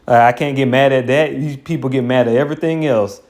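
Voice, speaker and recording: A man giving informal scripture commentary, verse by verse. He talks in a blunt, colloquial way and drops scornful asides. His voice sits at a middling pitch. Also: fairly even intonation, moderate pace, darkish tone. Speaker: Bible teacher.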